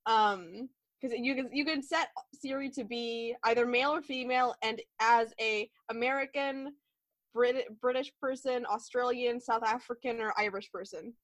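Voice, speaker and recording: A woman's voice: a little high, steady tone, normal speed, no room sound. A woman co-hosting a podcast, chatting casually and wryly while drinking a beer. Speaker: podcast co-host.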